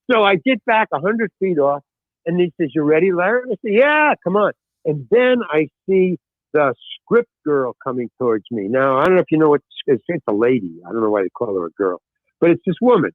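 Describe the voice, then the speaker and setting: A man, an actor and guest, telling an anecdote in a lively way, acting out the other people in his story and swearing casually. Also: a little high, normal speed, no room sound. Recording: tinny phone-like line.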